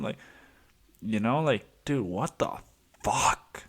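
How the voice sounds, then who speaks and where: A man hosting his own podcast, telling a story in a casual, excitable monologue, swearing freely and saying "dude" constantly. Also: lowish voice, normal speed. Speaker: podcast host.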